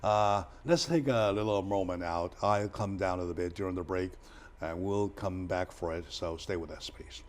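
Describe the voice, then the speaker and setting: A man hosting a discussion show, telling stories with emotional, excitable bursts and repeating words for emphasis. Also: moderate pace, background noise. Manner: animated, emotional retelling with sudden loud raised pitch; non-native phrasing, repeats words for emphasis. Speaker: talk show host.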